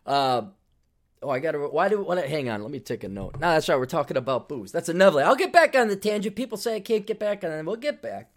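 Lively profane man telling a rambling story. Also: a little high, quick pace. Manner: profane, rambling, drifting into tangents. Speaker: podcast host. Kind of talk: casual storytelling monologue.

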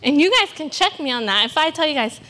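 A woman's voice: high-pitched, expressive, fast talker, pushed and bright. A young woman from California preaching a sermon at a church service, earnest and emphatic with self-deprecating asides. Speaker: guest preacher.

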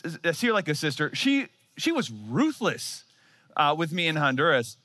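Pastor, male, 30s, self-mocking storyteller in a church sermon, bright ringing voice, a bit high for a man. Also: sing-song, moderate pace.

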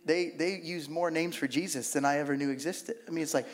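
A preacher delivers a sermon with lively, conversational energy, tossing in humorous asides. His voice sits a little high for a man. The sound rings with the long reverb of a big hall. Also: brisk, hardly any pauses. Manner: animated, humorous asides, mimics prayers.

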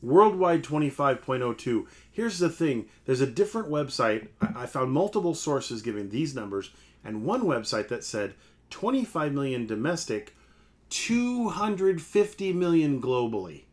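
A man's voice: medium pitch, big pitch swings, normal speed. Man co-hosting a movie podcast. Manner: reads out listener comments and box office figures. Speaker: podcast co-host. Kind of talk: casual podcast chat.

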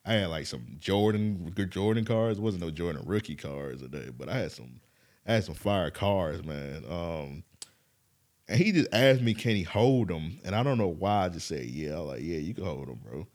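A man with a somewhat low voice tells a story on a podcast, loose and animated. He laughs often and swears without a filter. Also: moderate pace. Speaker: podcast co-host. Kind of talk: casual storytelling chat.

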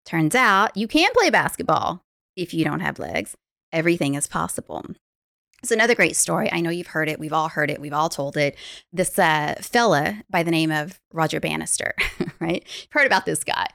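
Gravelly-voiced woman life coach. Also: sits low, normal speed, dry recording, clean studio sound. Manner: animated storyteller, laughs easily. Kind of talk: podcast conversation.

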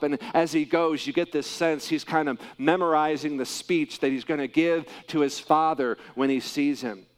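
A pastor, a man with a high voice, preaching a sermon. He leans hard on key phrases and drops into pauses between them. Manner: emphatic, with dramatic pauses and wide swings in loudness.

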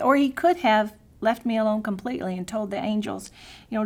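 A middle-aged woman teaching a devotional lesson at a mid pitch, earnest and heartfelt. She often drops to soft, near-whispered tones for prayers and scripture, then lifts again to press her point. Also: brisk. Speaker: Bible teacher.

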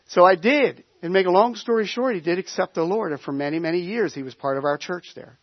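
A man with a fairly high voice preaches in a loose, conversational way, circling back and restarting his sentences as he tells a story. The recording is dry and a little muffled. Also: fairly quick, hardly any pauses, no room sound. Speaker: pastor. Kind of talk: sermon.

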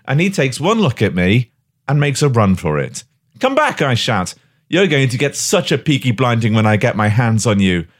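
A young man at middle pitch tells a comic story with big mock-dramatic swings and swearing. His voice jumps high for the quoted lines. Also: big pitch swings, moderate pace. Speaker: podcast host.

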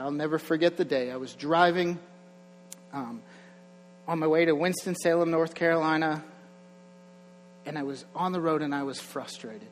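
A young man preaching a sermon in a church, conversational, with chuckling asides and rising energy. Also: fairly high pitch. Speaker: pastor. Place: church sanctuary. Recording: long hall reverb, faint mains hum.

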